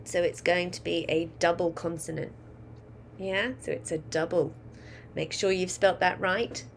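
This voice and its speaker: A woman's voice: fairly low pitch, steady tone, measured pace, vocal fry, a little hiss or hum. A woman teaching a phonics lesson, patiently dictating a sentence word by word and coaching children on spelling. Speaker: primary school teacher.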